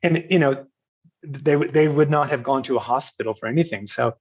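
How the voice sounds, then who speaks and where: An older man from Virginia, a podcast guest telling a personal story in a halting, self-correcting way with frequent laughs. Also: mid-range voice, a little mellow, dull audio. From Virginia, USA. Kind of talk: casual storytelling interview.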